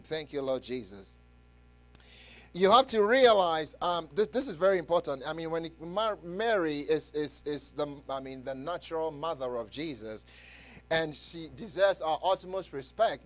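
High-voiced fervent male preacher. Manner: fervent, stammering restarts, frequent praise interjections; shouting scripture with the congregation. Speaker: pastor. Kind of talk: radio sermon with call-and-response.

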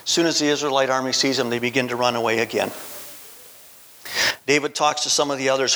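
A man's voice: medium pitch, flat delivery, normal speed, bright, forceful tone, slight background noise, rough recording. A man preaching a sermon, retelling a Bible story in a storytelling manner. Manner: storytelling, voicing Bible characters in quotes.

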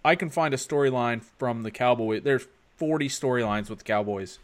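A man's voice: medium pitch, moderate pace. A man co-hosting a casual sports podcast, rambling with many restarts and fillers. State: expecting a baby with his wife. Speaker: podcast co-host. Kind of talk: casual chat.

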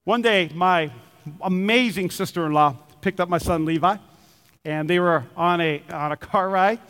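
High-voiced pastor preaching in a hall. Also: male voice, moderate pace, clear, resonant tone. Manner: animated preaching, acts out quoted voices. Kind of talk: sermon. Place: church auditorium. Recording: long reverb of a large hall.

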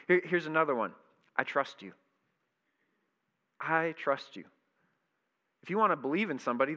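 A man preaching a sermon, animated and emphatic, repeating key phrases. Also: medium pitch. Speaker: pastor.

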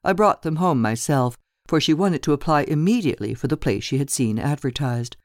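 A woman's voice: low voice, lively intonation, fairly quick, no echo, studio quality. A woman narrator voicing a chatty, gossipy middle-aged landlady in an audiobook, rambling and talkative.

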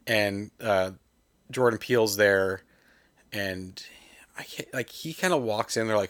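A man co-hosting a podcast in casual film chat, rambling and animated, acting out voices as he retells a sketch. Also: on the low side, a little slow, no room sound. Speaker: podcast co-host.

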